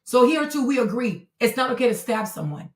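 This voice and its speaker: A woman hosts a live stream in a blunt, profane, lecturing way, talking straight to a viewer in her chat. Her voice sits high, and the room around her rings with echo. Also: sing-song, a little fast. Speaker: livestream host.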